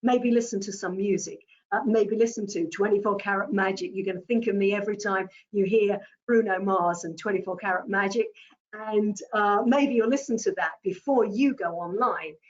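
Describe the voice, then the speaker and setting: A woman giving a presentation-skills lesson, speaking deliberately and repeating her key points. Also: medium pitch, highs cut off. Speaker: communication trainer. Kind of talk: presentation skills coaching talk.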